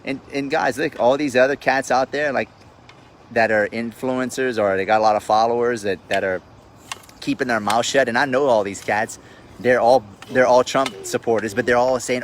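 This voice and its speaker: A man's voice: mid-range voice, normal speed, slight background noise. A man, ranting bluntly and with profanity on an outdoor live stream, often repeating himself as he gets worked up. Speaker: real estate investor hosting a live stream. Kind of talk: casual livestream rant. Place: outdoors at sundown. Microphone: phone livestream.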